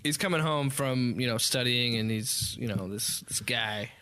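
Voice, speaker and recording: A man in his twenties in casual podcast chat, rambling through a show pitch with fillers, restarts and some swearing. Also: normal speed, sharp tone, a little hiss or hum. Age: 20s. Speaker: podcast co-host. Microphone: desk microphone.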